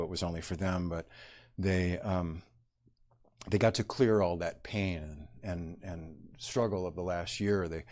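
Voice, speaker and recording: A middle-aged man telling a personal story to an audience, halting and reflective, with many pauses and fillers. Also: deep voice.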